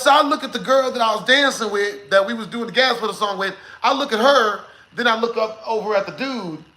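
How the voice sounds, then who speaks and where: A young man talks to his live chat in a high, bright voice. He rambles animatedly through a story, circling back with filler asides and breaking into laughter. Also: rough recording. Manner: laughs while telling. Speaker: live streamer.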